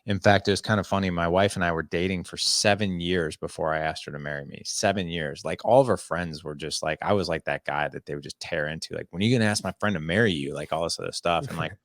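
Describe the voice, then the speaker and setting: A man's voice: sits low, fast, few pauses, no room sound. A man in his forties, a podcast guest telling his story candidly and earnestly, often reenacting conversations. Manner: earnest, animated storytelling with frequent "I was like" quotes.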